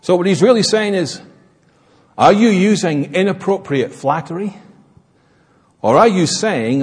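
A man's voice: high voice, expressive, a little slow, long pauses, breathy edge. A man preaching a sermon in an emphatic, explanatory manner, recorded in an echoey hall. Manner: emphatic, expository.

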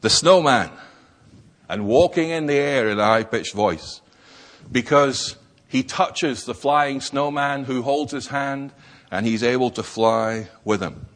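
A man's voice: mid-range voice, slow pace, fairly bright tone. A man preaching a sermon, stressing key words and posing rhetorical questions.

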